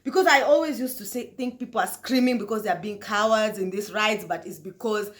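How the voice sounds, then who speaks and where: A woman hosting a talk show, telling a story casually to her viewers in an animated way, often laughing. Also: mid-range voice, a little fast. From Kenya.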